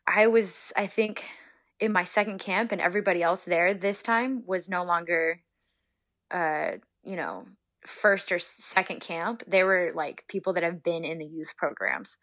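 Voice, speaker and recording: A young woman from Northern California, a soccer player, chatting as a guest in an interview and retelling stories in a lively, giggly way. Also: fairly low pitch, measured pace, dry recording. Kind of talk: casual interview storytelling.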